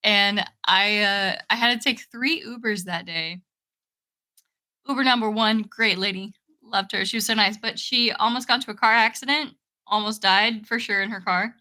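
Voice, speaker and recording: A woman's voice: mid-range voice, normal speed, pushed and bright. A woman co-hosting a podcast, telling a rambling story in casual chat and swearing casually. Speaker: podcast co-host.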